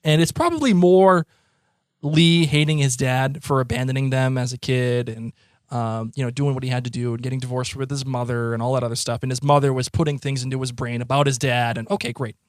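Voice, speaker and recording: A man's voice: mid-range voice, a little fast, clean tone, no echo. Man, Boston accent, podcast co-host, casual rambling chat, dry room. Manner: rambling, excitable, many restarts.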